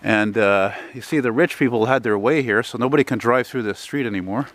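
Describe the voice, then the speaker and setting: A middle-aged man from Canada talks into a handheld camera as he strolls down a residential street. His voice sits at an ordinary mid pitch, and his chatter is loose and meandering, wistful about the old days and peppered with swearing. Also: fairly quick, fairly bright tone, dry recording. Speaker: vlogger. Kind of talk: casual walking vlog narration.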